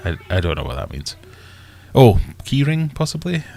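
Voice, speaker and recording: A man's voice: medium pitch, wildly swooping pitch, normal speed, vocal fry, warm tone. A Scottish man hosting a casual fish-keeping live stream, rambling and joking at himself as he thinks aloud. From Scotland. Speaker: aquarium channel host.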